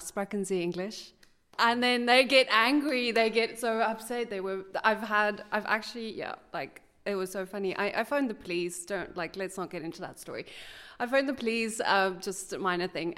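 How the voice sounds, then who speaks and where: A woman from South Africa telling an animated story in a casual group discussion, laughing often. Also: mid-range voice, normal speed, clear, resonant tone.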